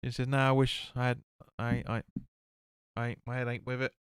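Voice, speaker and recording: A man's voice: medium pitch, monotone, normal speed, clean tone, no room sound, clean studio sound. A man hosting a live football watch-along, calling the play and chatting with viewers as he reads their comments. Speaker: fan watch-along host.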